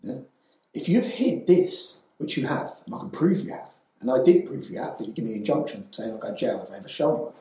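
A man's voice: mid-range voice, very animated, quick pace, dark tone. Fervent man in an echoey room. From England. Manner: fervent, tags lines with "yeah?". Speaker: guest. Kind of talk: heated storytelling.

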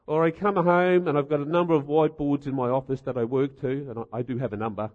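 A man's voice: mid-range voice, steady tone, fast talker. A middle-aged man giving a humorous sermon, telling stories with wry rhetorical asides. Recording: dull sound in a reverberant hall.

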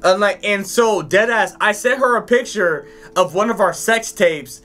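A man, co-hosting a casual podcast, telling stories in an animated, profane way. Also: sits high, unhurried. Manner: animated storytelling, swears a lot, acts out voices loudly. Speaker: podcast co-host.

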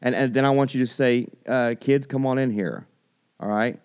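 A man's voice: medium pitch, fairly even intonation, normal speed, a little mellow, clear, resonant tone. A man hosting a kids' church segment in an upbeat, casual way, stretching words for emphasis and repeating himself as he goes.

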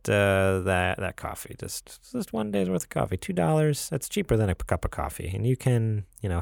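A man's voice: fairly low pitch, creaky, no room sound, clean studio sound. A man co-hosting a podcast in casual chat, laid-back and laughing often, with many fillers. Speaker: podcast co-host.

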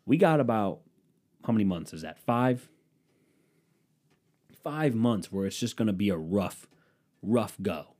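A man's voice: lowish voice, lively intonation, a little slow, long pauses, a little mellow. A man from the Cleveland area riffing in a casual, profane, sarcastic monologue. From Cleveland, Ohio area.

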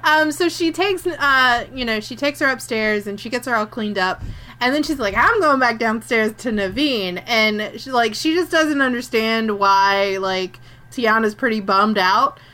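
A woman's voice: on the high side, unhurried, pushed and bright. A woman co-hosting a casual chat, retelling a film and acting out its characters' lines with laughs. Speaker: podcast co-host.

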